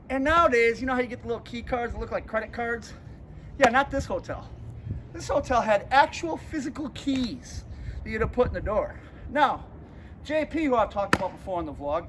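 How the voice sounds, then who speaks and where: A man with a strikingly high voice tells a story to his vlog camera in a relaxed, chatty way. He plays out the voices of the people in his story as he goes. Steady background noise runs under his voice. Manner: lively storyteller who acts out the people he quotes. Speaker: vlogger and pro wrestler. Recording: noisy ambient background.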